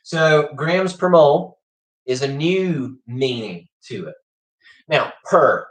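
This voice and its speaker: A man's voice: a little high, animated, takes it slowly. A man teaching a livestreamed chemistry class, chatty and often checking in with "okay?". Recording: echoey room.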